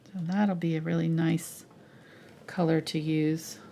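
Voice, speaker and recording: A woman's voice: low-pitched, little pitch movement, measured pace, vocal fry, dark tone, a little hiss or hum. A woman teaching a live painting tutorial, chatty and explaining each step as she mixes her colours, laughing easily. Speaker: painting instructor.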